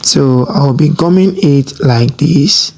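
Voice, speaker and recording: A sewing tutor takes viewers through a fabric project step by step, slowly and emphatically, often pausing to ask "have you seen?" after each move. The voice is mid-range with a darkish tone.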